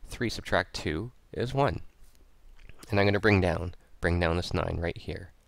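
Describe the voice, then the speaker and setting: A man's voice: deep voice, creaky, no room sound. A man teaching math, explaining each step patiently and repeating it aloud as he writes it out. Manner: patient, repeats steps aloud while writing. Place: at a computer, recording a screen lesson.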